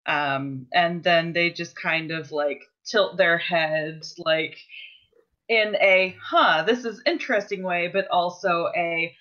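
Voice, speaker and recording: A player in a tabletop game describing their character's actions slowly and with hesitation. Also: mid-range voice, fairly even intonation, sharp tone, dull audio. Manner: slow, hesitant speech. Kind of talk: tabletop role-play chat.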